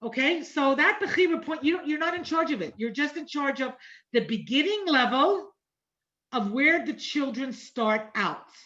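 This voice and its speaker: A middle-aged woman leads an informal online Torah lecture in an animated, somewhat bright voice that sits high, moving at a moderate pace. She speaks conversationally, often repeating phrases and asking listeners "right?" The audio sounds dull and lo-fi.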